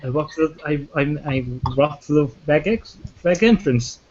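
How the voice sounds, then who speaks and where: A man's voice: on the high side, lively intonation, a little slow, a little mellow. A young man taking part as a player in a tabletop game, brash and swearing casually in character. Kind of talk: in-character tabletop role-play. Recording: dull lo-fi audio with faint noise.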